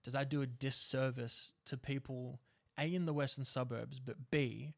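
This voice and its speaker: A man's voice: medium pitch, steady tone, moderate pace, vocal fry. A young Australian man telling stories in a casual conversation, candid and swearing freely. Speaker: podcast co-host, actor.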